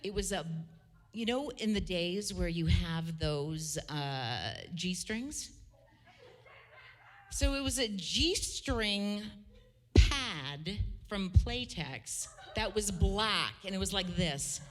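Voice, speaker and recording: A singer-songwriter woman telling an animated, chatty story before a song, with laughing asides. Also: mid-range voice, extremely slow, big-room sound.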